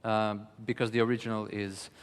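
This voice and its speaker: A man giving a lecture on music, speaking in a measured, thoughtful way with frequent pauses. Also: fairly low pitch, little pitch movement, clean tone. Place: studio hall. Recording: long reverb of a studio hall.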